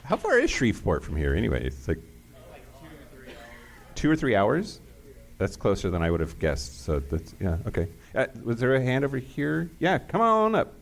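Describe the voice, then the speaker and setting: A man's voice: fairly low pitch, normal speed, creaky. A man co-hosting a live podcast on stage, playful and laughing as he calls audience members up. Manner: playful, laughing, animated emcee. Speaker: podcast co-host.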